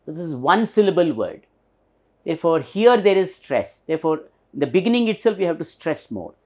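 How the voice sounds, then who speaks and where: A man's voice: fairly high pitch, very animated, moderate pace, darkish tone. A man with an Indian English accent teaching pronunciation, patiently spelling words letter by letter and repeating them for emphasis. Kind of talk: recorded pronunciation lesson.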